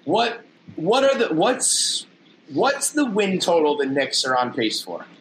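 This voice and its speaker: A man's voice: on the high side, sing-song, a little slow, fairly bright tone, a little hiss or hum, rough recording. A middle-aged man co-hosting a casual sports podcast, rambling with restarts and easy laughter. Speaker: podcast co-host.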